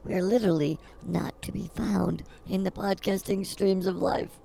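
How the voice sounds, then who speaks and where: A woman co-hosting a comedy podcast, squabbling and grumbling with comic feistiness. Her mid-pitched voice carries a gravelly, creaky texture. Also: fairly even intonation, normal speed, mellow, a little hiss or hum. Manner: feisty, mock-combative complaining. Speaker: podcast co-host. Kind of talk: comedic banter.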